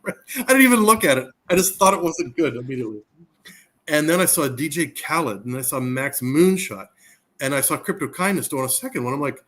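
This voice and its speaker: A man's voice: medium pitch, animated, moderate pace, fairly bright tone. A man as a guest in a casual crypto interview, talking eagerly in a rambling way with repeated words.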